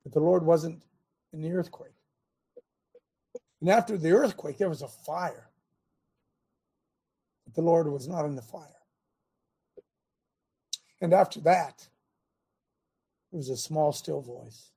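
A man preaching to a men's gathering, reading scripture and swinging from loud urging calls to hushed near-whispers in a husky voice. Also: fairly high pitch, slow pace, long pauses.

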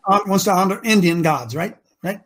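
A man hosting a call-in talk show with emphatic, preachy delivery, shifting between loud outbursts and low asides. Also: animated, brisk. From Ohio. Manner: emphatic and preachy, swinging between shouting and mutters.

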